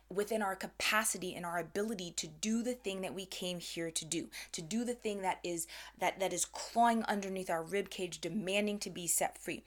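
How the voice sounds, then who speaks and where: A woman giving a motivational talk to camera, earnest and rambling, often repeating words and dropping into whispered asides. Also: mid-range voice. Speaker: creative coach.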